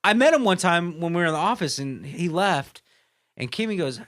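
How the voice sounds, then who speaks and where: A man with a high-pitched voice, talking a little fast, co-hosts a podcast and tells a story in casual chat. He's animated, swears a lot, and acts out what people said.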